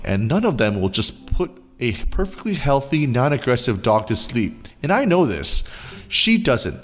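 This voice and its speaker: A man narrating internet stories aloud to viewers in an expressive, storytelling manner. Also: medium pitch. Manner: expressive, animated reading. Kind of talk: reading reddit stories aloud.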